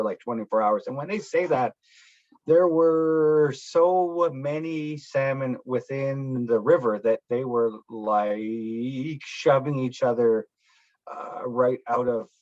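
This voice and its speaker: A man's voice: mid-range voice, dull audio. A man speaking on a panel, telling stories in a rambling way with many fillers and acted-out quotes. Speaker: guest speaker. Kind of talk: casual talk at a speaker panel.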